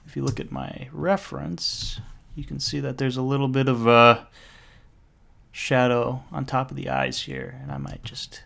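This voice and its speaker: A man talking through a software drawing tutorial in a casual, rambling way, breaking off into jokey asides. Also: mid-range voice, steady tone, a little slow, vocal fry. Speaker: tutorial maker.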